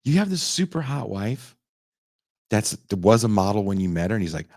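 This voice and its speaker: A sarcastic young man hosts a podcast, recounting a film's plot with plenty of swearing and quick put-on voices for the characters. His voice sits fairly low but leaps up sharply whenever he mocks a scene. The recording is close and dry, with no room sound. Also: sing-song, a little mellow, no room sound. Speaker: podcast host reviewing a film. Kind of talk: casual comedic retelling.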